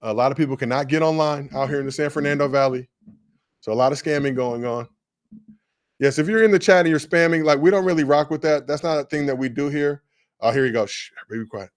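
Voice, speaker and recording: A man's voice: fairly high pitch, fast, no echo. Joking man in his forties hosting. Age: 40s. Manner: joking, hype, shout-outs to chat. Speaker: co-host. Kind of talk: casual livestream chat.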